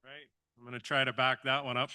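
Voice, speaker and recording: A middle-aged man addresses a live audience in a halting, emotional way. His voice is very bright, and the sound is dry and close. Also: mid-range voice, flat delivery, clear, resonant tone, no echo. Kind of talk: nervous personal testimony to a live audience.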